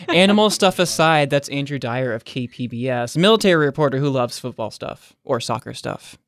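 A man's voice: mid-range voice, animated, brisk, fairly bright tone. A man co-hosting a podcast, asking short questions in casual chat. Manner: chatty, asks short questions. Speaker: podcast co-host.

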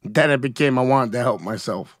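A man's voice: medium pitch, fairly quick, no room sound, clean studio sound. A man as an interview guest, talking frankly and emotionally about his feelings, often asking "you know what I mean?". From United States. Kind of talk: candid conversational interview.

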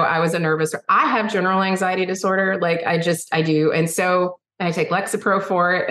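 A woman guest, a singer-songwriter, telling stories in a chatty, animated way and acting out the dialogue. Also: on the low side. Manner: chatty, animated storyteller who acts out dialogue. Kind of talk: casual interview storytelling. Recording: roomy echo.

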